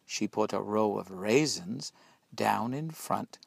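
Storybook reader, man, low husky voice, lively melody, very unhurried. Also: no echo. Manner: slow, expressive storytelling. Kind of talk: reading a children's picture book aloud.

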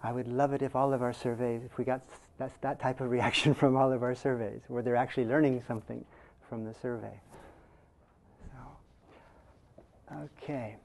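A man gives an academic presentation to a live audience, his voice mellow and warm at a middling pitch. He explains patiently, pausing often to toss out a questioning "okay?" to keep listeners with him. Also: steady tone, vocal fry. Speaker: conference presenter.

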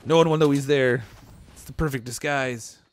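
A man's voice: mid-range voice, steady tone, moderate pace. A man from Canada giving casual, jokey commentary while streaming a shooter game. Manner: chatty, laughs often, jokey asides.

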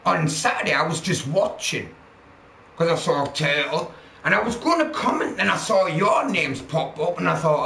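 A man's voice: a little high, lively intonation, moderate pace, vocal fry, sharp tone. A man ranting angrily on a livestream, swearing constantly and heckling his viewers. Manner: profane, heckling, mocking. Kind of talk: angry livestream rant. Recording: roomy echo, faint background noise.

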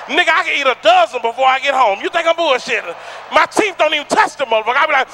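A man doing a stand-up comedy routine on a theater stage, loud and boisterous, acting out people with shouts and sounds. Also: very high-pitched, animated, quick pace, slight background noise.

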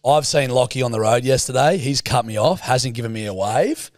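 A man's voice: mid-range voice, a little fast, dry recording, clean studio sound. A man with an Australian accent co-hosting a podcast, joking around in casual chat. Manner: joking, laid-back, swears casually. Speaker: podcast co-host.

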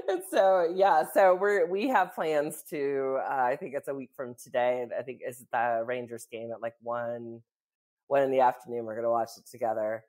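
A woman's voice: very deep voice, expressive, a little slow, a little mellow. A woman co-hosting a podcast, telling a story in a chatty way, full of fillers and laughter. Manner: chatty, full of "like" and "you know", laughs often. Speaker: podcast co-host. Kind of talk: casual storytelling chat.

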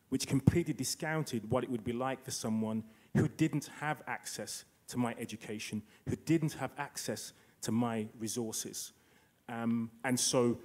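A man speaking as a panelist in a middle pitch, telling a personal story in his own words. He pauses and restarts his sentences, and he acts out what other people said. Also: a little mellow. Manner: anecdotal, acts out quoted dialogue, halting restarts.

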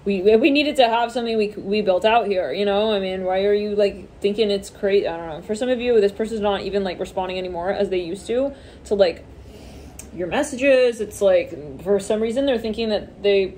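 A woman's voice: mid-range voice, brisk, a little mellow, slight background noise. A woman giving a casual tarot reading, rambling with many fillers and swearing offhandedly. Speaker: tarot reader.

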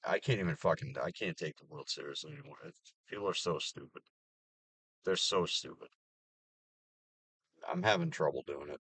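A man in his thirties rants in a low, deep voice. He swears freely and breaks into sarcastic laughs. The sound is close and dry. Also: sing-song, moderate pace, gravelly, pauses often, fairly bright tone, slightly rough, no room sound. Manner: profane, ranting, sarcastic laughs. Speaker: vlogger. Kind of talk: casual rant to camera.

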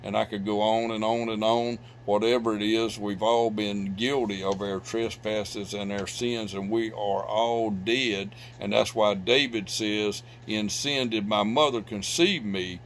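A middle-aged man preaches a sermon in a church, his lowish voice rising in loud emphatic bursts and falling back to near hush. A faint hum sits under the recording. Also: fairly even intonation, a little slow, few pauses. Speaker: pastor. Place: church sanctuary.

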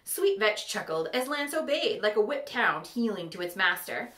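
A woman reading a fantasy story aloud, with expressive, animated storybook narration. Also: moderate pace, few pauses, reverberant. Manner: animated, with shifting pitch for characters. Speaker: audiobook reader.

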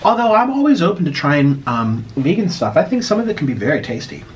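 A man's voice: a little high, sing-song, fast, a little hiss or hum. An American man chatting casually while eating on camera, swinging into dramatic mock outrage and a little out of breath. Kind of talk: casual mukbang vlog chat.

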